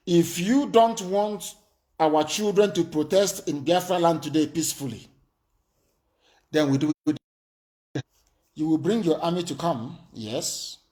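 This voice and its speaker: A man's voice: fairly high pitch, darkish tone. Fiery man, defiant address. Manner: defiant, emphatic, with rhetorical questions. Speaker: political broadcaster. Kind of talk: impassioned political address.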